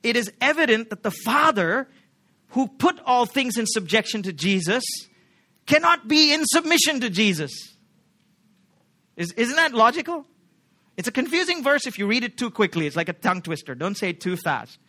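A man's voice: very high voice, big pitch swings, moderate pace, pushed and bright. A man preaching a sermon as pastor, emphatic, often asking the congregation questions like "right?".

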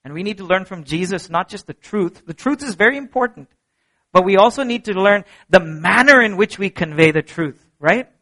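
A middle-aged man preaching a sermon as pastor, earnest and emphatic, swinging from soft low passages to ringing peaks. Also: expressive, moderate pace.

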